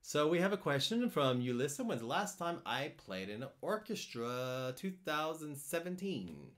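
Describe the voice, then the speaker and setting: At home in France, a man hosts a cello live stream in a fairly high, very animated voice that is a bit bright, at a moderate pace. He casually reads out viewer comments and answers them, repeating his words as he thinks aloud.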